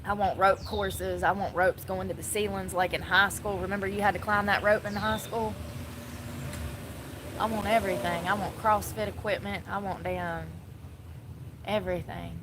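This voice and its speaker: Woman, blunt sassy commentary, quick laughs, faint background hiss. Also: medium pitch, little pitch movement. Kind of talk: casual reaction commentary.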